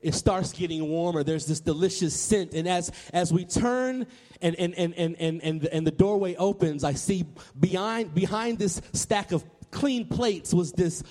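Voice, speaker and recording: Brief: a man, thirties, from Tennessee, lively storyteller to a crowd, high voice, long reverb. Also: moderate pace. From Nashville, Tennessee, US. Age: 30s. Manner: animated, repeats words, acts out remembered voices. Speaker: public speaker. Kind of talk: storytelling speech to a live audience.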